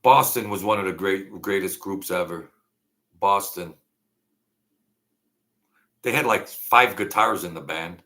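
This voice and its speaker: A man's voice: low voice, a little slow, long pauses, pushed and bright. A middle-aged man hosting a casual late-night livestream from home, rambling and joking with lots of fillers. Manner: rambling, reminiscing, jokey, with many fillers. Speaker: livestream host.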